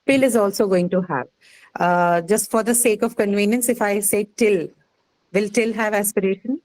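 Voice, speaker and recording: A woman's voice: medium pitch, fairly even intonation, moderate pace, a little mellow, rough recording. Patient Indian woman teaching phonetics. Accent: Indian English. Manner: patient, explanatory, checks understanding with frequent "right?" and "okay". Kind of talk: classroom lecture on phonetics. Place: classroom.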